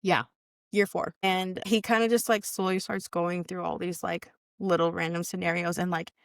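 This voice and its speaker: A woman's voice: on the low side, level tone, moderate pace, gravelly, no echo, studio quality. A young woman on a podcast telling a personal story in casual chat, candid and cursing freely, acting out what people said. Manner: candid, heavy swearing, acts out quoted lines. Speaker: podcast guest.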